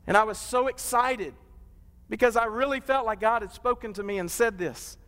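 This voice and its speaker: A man preaching a sermon, building to drawn-out, impassioned peaks. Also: sits high, a bit bright. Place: church sanctuary. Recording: long hall reverb.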